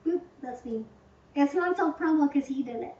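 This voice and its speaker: Woman livestream host, chatty and rambling, fond of hyperbole; distant mic, dull boomy sound. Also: normal speed, darkish tone. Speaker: channel host answering viewer questions. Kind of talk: casual livestream Q&A. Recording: echoey room, distant muffled mic.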